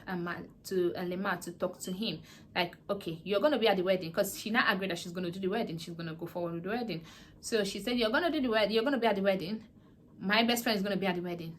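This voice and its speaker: A woman's voice: medium pitch, bright, forceful tone. A woman vlogger casually recapping a drama series, animatedly acting out the characters' lines. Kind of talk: casual chatty plot recap.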